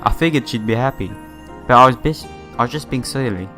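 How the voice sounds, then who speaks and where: A man's voice: mid-range voice, fairly quick, sharp tone, close to an everyday voice. Earnest young idol trainee monologue, read by a man, plain read-aloud, no put-on voice, faint music bed. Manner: plain read-aloud delivery in his own voice.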